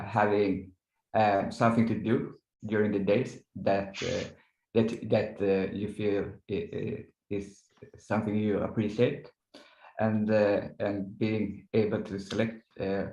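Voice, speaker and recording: A man in his thirties, a podcast guest, answering in a halting, thoughtful way as he searches for words. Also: fairly low pitch, darkish tone, roomy sound, muffled recording. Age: 30s. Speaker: startup co-founder and guest. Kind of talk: casual interview chat. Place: indoors in the evening.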